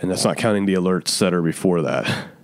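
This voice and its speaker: A man's voice: deep voice, a little fast, creaky, dry recording. A man preaching an online sermon, urgent and emphatic, pressing his point through repetition.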